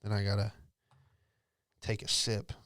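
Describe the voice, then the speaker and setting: A young man hosting a comedy podcast, telling rambling jokey stories and slipping into quick impressions of people. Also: on the low side, completely flat delivery, fairly bright tone, dry recording, studio quality. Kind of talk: comedic storytelling monologue.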